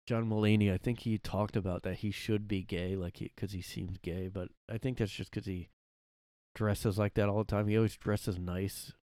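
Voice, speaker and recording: A man's voice: on the low side, fairly even intonation, moderate pace, mellow, no echo, studio quality. A man rambling through a casual solo podcast from his room, full of fillers and restarts. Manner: rambling, lots of fillers and self-corrections, laughs often. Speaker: podcast host. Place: home room.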